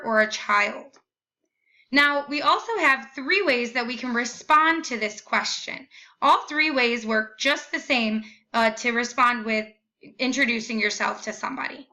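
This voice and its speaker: A young woman teacher giving a recorded lesson, slowly and carefully modeling each phrase. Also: a little high, bright, forceful tone.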